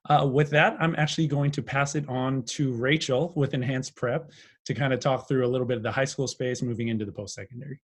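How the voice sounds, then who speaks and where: A man's voice: mid-range voice, fairly even intonation, fairly quick, slightly rough. A man who moderates a foundation's online panel, polite and appreciative, speaking loosely over a video call.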